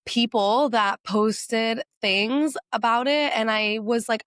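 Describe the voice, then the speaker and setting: A woman's voice: fairly high pitch, a bit bright, clean tone, dry recording, clean studio sound. A woman co-hosting a casual podcast, speaking conversationally with lots of "like" fillers. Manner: conversational, frequent "like" fillers, quick agreeing "mm-hmm". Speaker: podcast co-host.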